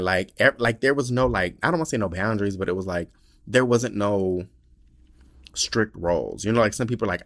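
A young man hosting a podcast, telling a story in a slangy, animated way, swearing often and acting out quotes. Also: on the low side, brisk. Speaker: podcast host. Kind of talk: casual storytelling monologue.

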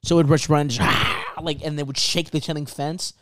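A man who cleans pools, in casual chat, telling quick anecdotes with many stuttered restarts. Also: fairly high pitch, flat delivery, no room sound, clean studio sound. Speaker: pool cleaner.

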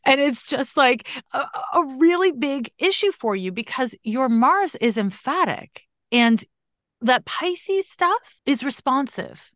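A woman's voice: sits high, big pitch swings, slow pace, fairly bright tone, dry recording. A woman gives a casual astrology reading as the host of a podcast. She talks emphatically and swears now and then. The recording sounds dry and close.

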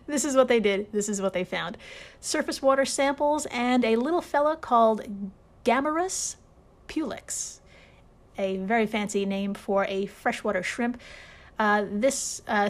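A woman hosting a casual storytelling podcast, sarcastic, swearing freely and laughing often. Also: a little high. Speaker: podcast host.

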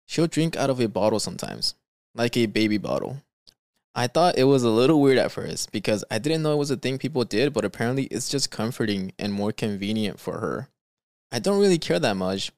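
Male podcast host, casual and slangy, animated reads, dry close sound. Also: mid-range voice, brisk, no echo. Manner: animated, slangy, says "bro" and "dude" often. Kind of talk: casual podcast chat, reading stories aloud.

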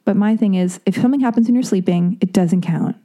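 A woman's voice: mid-range voice, fast talker, mellow. Rambling, candid woman podcast host. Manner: candid, rambling, self-deprecating. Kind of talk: casual podcast chat.

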